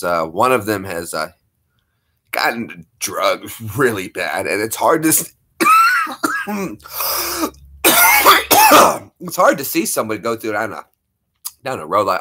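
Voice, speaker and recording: A man's voice: lowish voice, sharp tone. A man hosting a casual chat, rambling and chuckling as he talks. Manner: rambling, chuckling, self-interrupting. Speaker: channel host.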